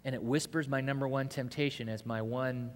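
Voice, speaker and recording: A man preaching a sermon, telling a story with animation and swinging between loud bursts and hushed moments. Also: medium pitch, fairly even intonation, fairly quick. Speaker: pastor. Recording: echoey hall reverb.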